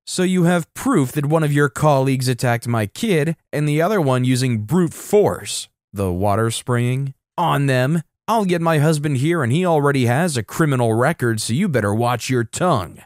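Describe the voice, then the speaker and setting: A man's voice: medium pitch, lively intonation, moderate pace, no room sound, studio quality, close to an everyday voice. A man reading the lines of an angry, defensive entitled mother in a story narration. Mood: defiant. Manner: indignant, yelling.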